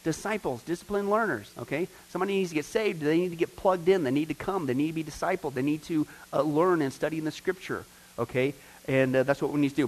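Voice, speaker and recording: A man's voice: a little high, expressive, quick pace, poor audio. A man, a pastor, teaching a Bible study class, punching key words and quizzing the class with questions he answers himself. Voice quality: emphatic, stresses key words loudly.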